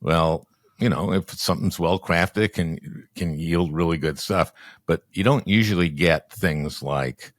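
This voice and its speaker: An older man in his seventies from Minnesota, a podcast guest chatting casually with a wry, halting delivery that often trails off soft and low. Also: no echo, studio quality. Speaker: podcast guest, former senator and comedian. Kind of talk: casual political chat.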